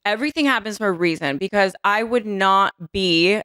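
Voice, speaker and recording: A woman hosting a podcast, chatting casually and backing up her guest. Her voice is smooth and clean, and it was recorded dry and close with no room sound. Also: medium pitch, normal speed, a bit bright, no room sound. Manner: chatty, supportive, laughs easily. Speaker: podcast host. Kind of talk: casual chat.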